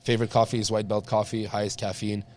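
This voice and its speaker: A man hosting a podcast, chatting casually, swearing a lot and saying "bro" constantly while telling animated stories. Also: fairly low pitch, fast, a little hiss or hum. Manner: profane, says "bro" constantly, animated storytelling. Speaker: podcast host. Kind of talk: casual chat.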